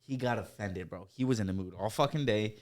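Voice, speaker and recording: A man in a casual podcast chat, telling profane, animated stories full of acted-out quotes. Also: fairly low pitch, brisk.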